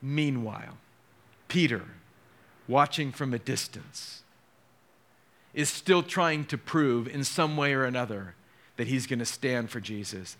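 A middle-aged man preaching a sermon as pastor, acting out scenes with dramatic slow pauses. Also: mid-range voice, a bit bright.

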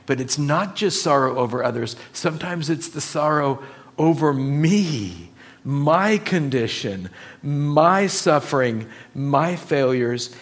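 A man preaching a sermon to his church, slow and emphatic, building on repeated phrases. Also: mid-range voice. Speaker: pastor.

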